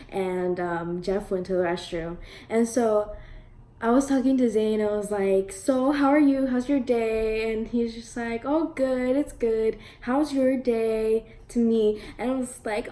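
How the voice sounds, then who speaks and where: A young woman tells a casual vlog story, giggling and gushing as she goes. Her voice sits a little high, and she speaks slowly, full of fillers. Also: echoey room. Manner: giggly, excitable, lots of fillers. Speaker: vlogger.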